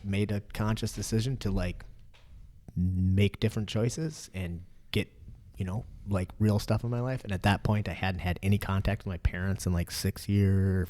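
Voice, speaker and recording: Low-voiced man telling a frank story. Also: a little mellow. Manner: frank, profane, laughs through his story. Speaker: podcast host. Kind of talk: casual storytelling chat.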